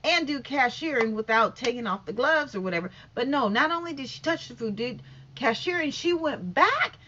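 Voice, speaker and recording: A middle-aged woman vlogger spins a casual story-time tale, her fairly high voice leaping up and down as she acts out each exchange. She rambles, circling back with fillers and restarts. The sound is muffled and lo-fi. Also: normal speed, slight background noise. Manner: animated storytelling, acting out exchanges. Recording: dull lo-fi audio.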